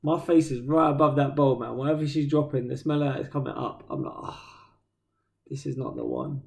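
A man with a British accent co-hosting a podcast, telling stories in a casual, slangy, animated way. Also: medium pitch, fairly quick, creaky. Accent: British English. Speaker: podcast co-host. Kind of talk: casual chat.

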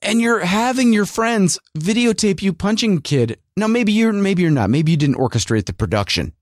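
A man's voice: high-pitched, sing-song, moderate pace, dry recording, clean studio sound. A man hosting a casual solo rant, rambling and sarcastic, full of fillers and restarts. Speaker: podcast host and working actor.

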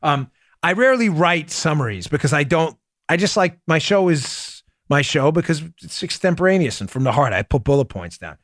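A man's voice: on the high side, very animated, normal speed, fairly bright tone, no echo, clean studio sound. A man hosting a political commentary podcast, talking emphatically and combatively, often calling his listeners folks. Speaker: podcast host.

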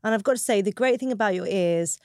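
A woman's voice: mid-range voice, fast, dry recording, studio quality. A woman hosting a podcast, chatting and teasing her guest in a friendly interview. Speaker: podcast host.

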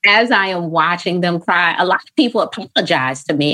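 A woman therapist speaking as a podcast guest, animated and laughing often, acting out the phrases she quotes. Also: lowish voice, moderate pace. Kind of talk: casual podcast interview.

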